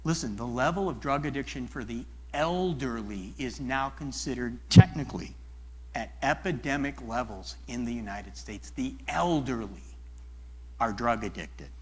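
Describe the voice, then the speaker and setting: A middle-aged man and life coach giving a church talk, animated and acting out people's voices as he tells stories. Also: mid-range voice, moderate pace, a little hiss or hum. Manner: animated, acts out voices in dialogues. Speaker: guest speaker and life coach.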